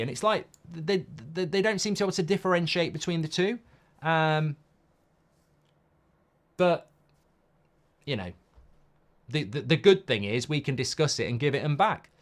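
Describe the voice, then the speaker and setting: A man's voice: fairly high pitch, normal speed, long pauses. A man hosting a live football watchalong, talking bluntly and reacting to the game while reading viewer comments.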